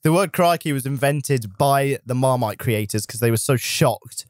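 A man chats casually while playing a game, joking and spinning silly stories. His voice sits at a middle pitch. The sound is dry and close to the mic. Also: normal speed, no room sound. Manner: joking, laughs often, tells silly made-up stories. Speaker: co-host of a gaming channel.

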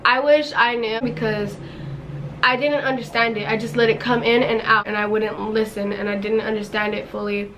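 A woman's voice: a little high, flat delivery, normal speed, crowd noise, low-quality recording. Chatty young woman telling a story. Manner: chatty, lots of fillers and acted quotes. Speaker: vlogger. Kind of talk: casual storytime vlog. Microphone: camera mic.

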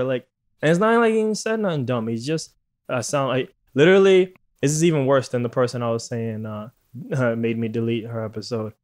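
A man's voice: mid-range voice, fairly quick, a little mellow. A man from Puerto Rico hosting a casual podcast, ranting with lots of swearing and frequent laughter. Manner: profane, ranting, laughs often. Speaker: podcast host.

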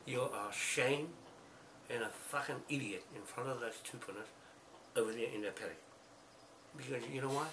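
A man with a New Zealand accent rants furiously in a recorded video message, swearing and circling back over the same points. His voice sits at an ordinary middle pitch. The delivery is heated and repetitive. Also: background noise. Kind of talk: angry ranting video message.

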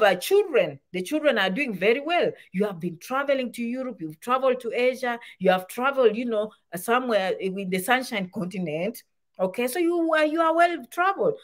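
Animated woman giving advice. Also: a little high. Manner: animated, rhetorical questions, repeats points. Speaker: immigration advice vlogger. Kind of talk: casual advice talk to camera.

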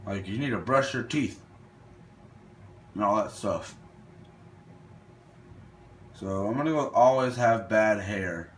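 A man's voice: fairly low pitch, slow, long pauses, a bit bright, slight background noise. A young man casually commenting while playing a would-you-rather game, thinking aloud and hesitating over his picks. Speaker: gaming video host.

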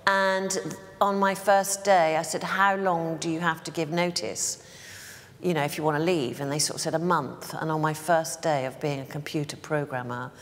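A woman's voice: sits low, steady tone, moderate pace. Chatty older woman in a reverberant hall. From Bristol, England. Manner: chatty storyteller, many fillers and restarts. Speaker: make-up artist, guest. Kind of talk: casual anecdotal interview talk.

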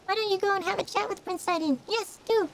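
A gushing, excitable young fish fangirl, voiced by a man. The voice is pushed up very high, with a faint hiss of noise under it. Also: quick pace, vocal fry, rough recording. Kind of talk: voicing game dialogue on a stream.

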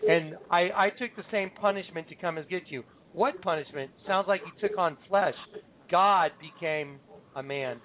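A man whose voice sits high teaches scripture on a call-in show, heard through a phone line with slight background noise. As host, he tells the stories emphatically and performs the quotations.

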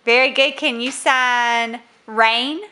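Slow, bright-toned coaxing mother. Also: a little high, steady tone, slight background noise. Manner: coaxing, encouraging questions to small children. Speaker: parent filming her children. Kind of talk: casual home video. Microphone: phone camera held while filming.

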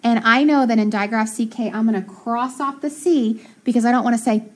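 A woman teacher breaking words into syllables for young children and sounding each part out before praising them. Her voice sits a little high. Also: moderate pace, few pauses, slight background noise, rough recording. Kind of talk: phonics lesson for young children.

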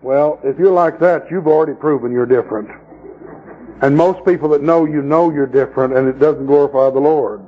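A man's voice: a little high, lo-fi sound. A man preaching a sermon at a camp meeting, telling folksy stories and mocking the people he talks about. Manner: folksy storytelling preacher, mocking voices in quoted scenes.

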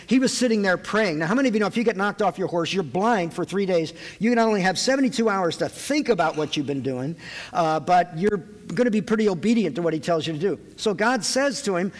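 A man's voice: a little high, lively intonation, moderate pace. A man preaching a sermon to a live audience, conversational and joking as he retells a Bible story. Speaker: pastor. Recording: long hall reverb.

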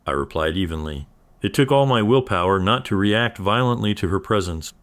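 A man reading a scripted first-person story in an even, measured way. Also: deep voice. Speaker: narrator.

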